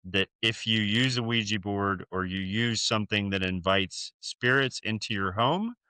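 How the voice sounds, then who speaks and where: A man's voice: fairly low pitch, moderate pace, sharp tone, clean tone, dry recording. A man co-hosting a podcast, casually retelling a horror film with lots of fillers and swearing. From United States. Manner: loose, profane storytelling with many fillers. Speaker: podcast co-host. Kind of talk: casual movie recap chat.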